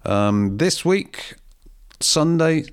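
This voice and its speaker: A man's voice: fairly high pitch, animated, drawn-out words, clear, resonant tone. A man co-hosting a local football show, reading out fixtures in casual chat and padding with ums and uhs. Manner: hesitant, pads with ums and uhs.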